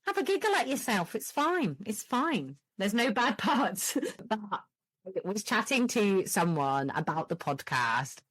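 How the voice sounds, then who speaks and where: A woman who hosts a podcast and tells stories in a casual, animated and profane way, laughing as she goes. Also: medium pitch, unhurried, husky, no echo. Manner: animated storyteller, frequent laughs, swearing. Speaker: podcast host. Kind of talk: casual chat.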